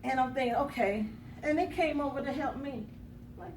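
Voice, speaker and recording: A woman's voice: high-pitched, animated, a little fast, a little hiss or hum. A woman motivational speaker telling a dramatic personal story, acting out the quotes with gasps and bursts of laughter. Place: conference room. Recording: echoey room from a distance.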